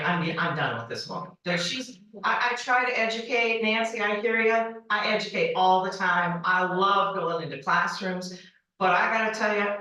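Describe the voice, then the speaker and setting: A woman in her forties giving a humorous storytelling speech at a banquet, acting out the people in her stories with high voices. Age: 40s. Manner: animated, acts out dialogue with high-pitched quoted voices. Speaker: banquet speaker. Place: banquet hall. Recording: echoey hall, voice from far off.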